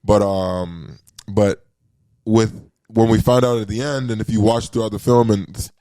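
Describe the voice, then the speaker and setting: Male podcast co-host, halting and self-correcting, dark tone, dry close mic. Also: lowish voice, dry recording. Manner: hesitant, many ums and self-corrections. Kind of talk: casual movie discussion.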